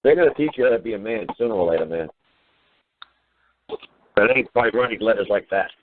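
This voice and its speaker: A man's voice: fairly low pitch, expressive, brisk. A man hosting a call-in talk show, scolding a caller in a profane, sarcastic way. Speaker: host. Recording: phone-quality radio audio.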